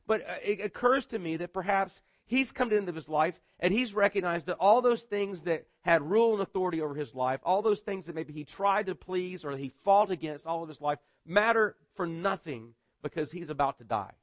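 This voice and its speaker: Conversational pastor with a fairly high voice. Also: male voice, fairly quick, hardly any pauses, no room sound. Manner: conversational, repeats words, often asks "right?". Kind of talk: sermon.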